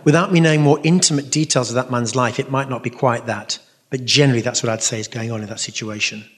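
A man's voice: medium pitch, steady tone, quick pace. A man answering audience questions as a Catholic speaker and musician, telling stories in an earnest, rambling way with many asides. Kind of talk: storytelling talk with audience Q&A. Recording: reverberant hall.

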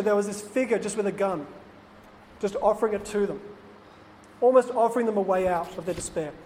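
Earnest priest in a reverberant hall. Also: male voice, sits high, a little mellow. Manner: earnest, confiding storytelling. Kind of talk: personal talk to lay people. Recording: faint noise, long hall reverb.

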